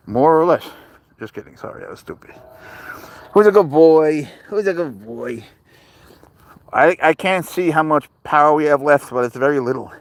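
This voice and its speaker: A man's voice: on the high side, no room sound. A man from Spain with a New York accent, hosting a casual livestream chat on a phone, rambling and blunt, swearing freely as he answers viewers. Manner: rambling, blunt and profane, greets viewers by name. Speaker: livestream host with pet serval. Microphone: phone camera.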